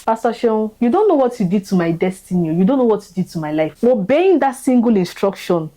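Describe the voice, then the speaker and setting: A woman's voice: medium pitch, very animated, a little fast, dark tone, low-quality recording. A young woman giving an emotional, fervent testimony of thanks, repeating herself as her feelings rise. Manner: fervent, repetitive, voice rising with feeling.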